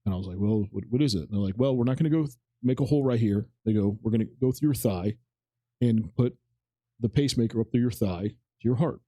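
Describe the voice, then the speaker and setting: A man's voice: mid-range voice, quick pace, mellow, dry recording. A man in his forties chatting casually on a podcast, telling a rambling personal story and acting out the lines of the people in it. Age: 40s. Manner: rambling anecdotal storytelling, acts out quotes, swears casually. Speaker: podcast co-host. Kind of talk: casual chat.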